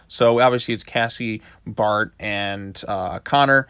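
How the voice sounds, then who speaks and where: A man's voice: mid-range voice, steady tone, moderate pace, fairly bright tone, clean tone, dry recording. A man giving a casual video review of a comic book, loosely retelling the plot with lots of "like" fillers.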